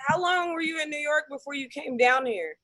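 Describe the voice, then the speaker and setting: A woman co-hosting a casual chat show, with a voice a bit higher than most. She sounds upbeat and steers the talk from one segment to the next. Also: fairly quick, background noise. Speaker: co-host.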